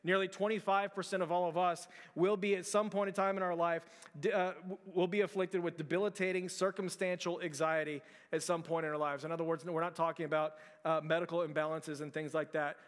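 Male pastor, high voice, casual sermon delivery with frequent restarts, long church reverb. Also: little pitch movement, fairly quick. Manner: conversational, repeats words, frequent fillers and restarts. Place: large church hall.

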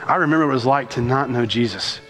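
A man preaching a sermon as pastor, with rhythmic, animated delivery and quick bursts of speech. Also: medium pitch, long reverb tail, soft background music.

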